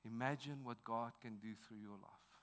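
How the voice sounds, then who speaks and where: A man in his thirties with a South African accent preaching a sermon, telling a personal story earnestly and swinging from hushed to loud. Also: medium pitch, steady tone, normal speed. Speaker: pastor.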